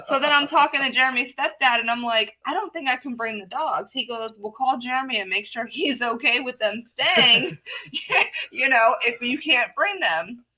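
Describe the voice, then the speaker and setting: A woman's voice: fairly high pitch, moderate pace, pushed and bright, low-quality recording. A woman in casual stream chat, telling stories animatedly with lots of swearing. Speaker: co-host.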